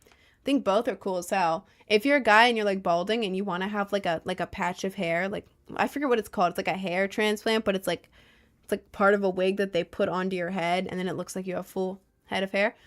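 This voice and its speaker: A woman's voice: medium pitch, fairly even intonation, brisk. A young adult woman streaming and chatting casually, reading viewer messages in a rambling way, with lots of fillers and frequent laughs.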